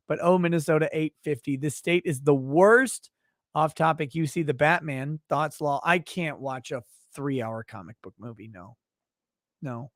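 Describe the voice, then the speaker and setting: A man's voice: fairly high pitch, dry recording, clean studio sound. A middle-aged man hosting a casual late-night livestream, reading viewer messages aloud with loose, profane joking.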